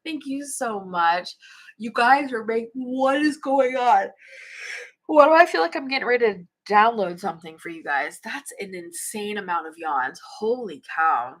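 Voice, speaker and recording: Chatting bubbly with viewers and reading their comments, this woman hosts a casual spiritual channel livestream through a phone or webcam, yawning often. Her medium-pitched voice is expressive and a bit bright, at a moderate pace.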